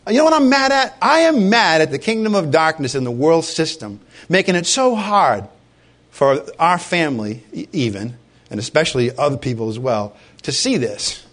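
A man's voice: fairly high pitch, fairly bright tone. A man preaching a sermon with passion, firing rhetorical questions at his congregation. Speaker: pastor.

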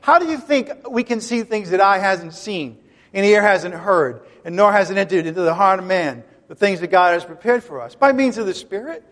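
Man, high voice, animated pastor delivering a sermon with emphatic bursts, recorded in a reverberant hall. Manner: animated, emphatic preaching with conversational asides.

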